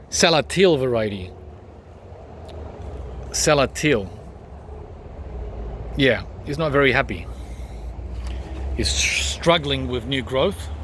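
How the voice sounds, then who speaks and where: A man's voice: medium pitch, slow pace, pauses often, a bit bright, slight background noise. Chatty man touring his garden. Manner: chatty, rambling, pointing things out with frequent ums. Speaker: gardening vlogger. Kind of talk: casual garden walkthrough. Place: outdoors in a backyard garden.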